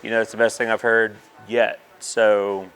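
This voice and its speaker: A man's voice: fairly low pitch, little pitch movement, measured pace, a bit bright, clear, resonant tone, soft background music. A man, candidly telling a personal story in an interview, with many fillers. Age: 30s.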